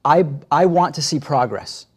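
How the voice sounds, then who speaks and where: A man's voice: a little high, expressive, moderate pace, breathy edge. A man speaking as a guest in a talk show interview, dry and wry, answering with pointed questions of his own.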